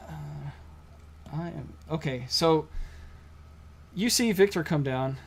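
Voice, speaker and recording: Casual male game master, halting narration. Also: a little high, creaky, slight background noise. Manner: casual, halting, many fillers.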